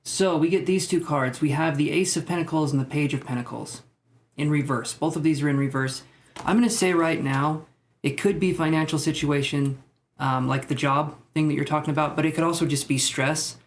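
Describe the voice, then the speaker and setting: Brisk and slightly high-voiced, a man gives tarot readings on a live stream with slight background noise. He jokes with viewers between cards in a loose, rambling way.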